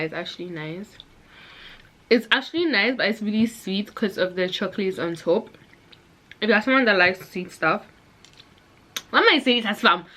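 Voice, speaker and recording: A woman's voice: mid-range voice, fairly bright tone. A young woman chatting to her camera at home in a casual vlog, giggly and self-mocking. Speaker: vlogger. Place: at home indoors.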